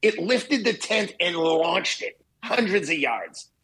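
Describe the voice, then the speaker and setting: Husky, blunt-talking man in his fifties. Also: sits high, slow pace, poor audio. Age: 50s. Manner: blunt and profane, animated, acts out quoted dialogue. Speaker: guest, ultramarathon runner. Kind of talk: casual storytelling in an interview.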